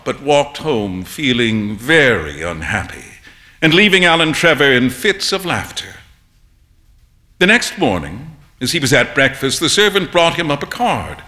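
A man giving an expressive live dramatic reading of a story. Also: medium pitch, measured pace. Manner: expressive, varied. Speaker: stage reader.

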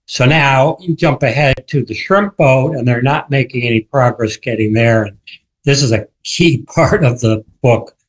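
A man's voice: medium pitch, normal speed, poor audio. Man retelling a survival story. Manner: vivid storyteller, acts out quoted shouts. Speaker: author and interview guest. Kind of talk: radio interview storytelling.

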